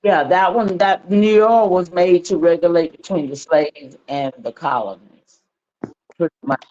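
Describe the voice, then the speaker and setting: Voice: medium pitch, measured pace, a little mellow, muffled recording. A panelist in a history discussion, explaining in a conversational way.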